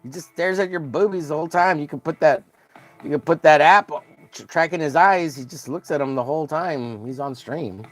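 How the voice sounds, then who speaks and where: Male streamer, somewhat high-pitched, crude and chatty, greets chat by name, faint music underneath. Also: normal speed. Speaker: livestream host. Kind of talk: casual livestream chat while drawing.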